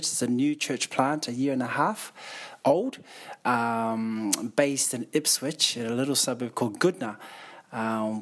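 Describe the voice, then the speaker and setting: Middle-aged kiwi pastor, bit husky, soft-spoken and matter-of-fact, phone mic. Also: male voice, mid-range voice. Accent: New Zealand. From New Zealand. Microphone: passed-around phone.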